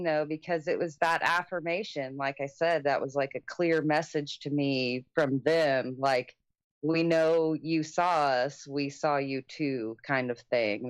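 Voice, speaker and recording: A woman on a radio panel reflects aloud in an unhurried, musing way, hedging her thoughts. Her voice is deep for a woman and slow-paced. The recording is dry and close. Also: no room sound. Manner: reflective and musing, hedges often. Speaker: panel guest. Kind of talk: casual panel discussion.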